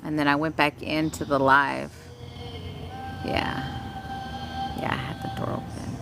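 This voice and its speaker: A woman's voice: low voice, little pitch movement, a little slow, gravelly. A woman from Texas, giving a casual spiritual energy reading on a live stream, soothing and chatty with frequent giggles. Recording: noisy background with passing vehicles.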